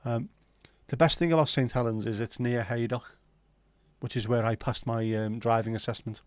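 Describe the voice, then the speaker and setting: A man's voice: medium pitch, steady tone, normal speed, no room sound. Chatty, sweary male livestream host. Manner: chatty, sweary, banter-filled. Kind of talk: casual chat reading viewer comments.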